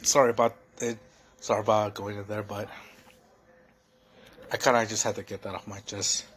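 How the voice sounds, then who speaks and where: A man's voice: lowish voice, little pitch movement, moderate pace, fairly bright tone, husky. A young man hosting a solo podcast, venting in a heated, profane, rambling way full of fillers. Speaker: podcast host.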